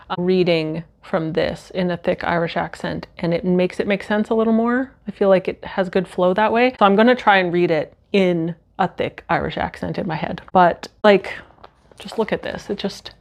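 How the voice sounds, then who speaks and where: A woman's voice: fairly low pitch, fairly even intonation, moderate pace. A young woman chatting casually about books she bought and reading back-cover blurbs aloud, often using fillers like "like" and "uh". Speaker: booktuber. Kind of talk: casual book haul chat with read-aloud blurbs. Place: home.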